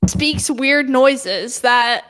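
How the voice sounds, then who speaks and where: A woman's voice: high voice, very slow, fairly bright tone. A young woman co-hosting a podcast in casual chat, playful and teasing, often restarting her sentences. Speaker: podcast co-host.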